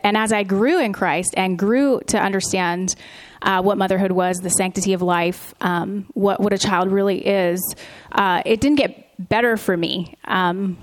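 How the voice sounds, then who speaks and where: Woman talking about her faith, earnest, lots of ums, mid pitch. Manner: earnest, with frequent ums and restarts. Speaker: podcast co-host. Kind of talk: candid Christian testimony.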